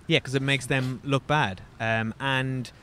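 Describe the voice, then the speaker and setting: A man with a mid-range voice, co-hosting a podcast. He chats in a lively, emphatic way and laughs easily. Faint street and traffic sounds can be heard behind him. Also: medium pitch, unhurried. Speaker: podcast co-host. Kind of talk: casual chat.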